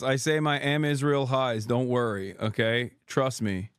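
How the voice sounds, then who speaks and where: A man's voice: mid-range voice, measured pace, a bit bright, smooth, dry recording, clean studio sound. A man hosting a livestream, reacting to news in a casual, sarcastic, profane, joking way. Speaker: streamer host.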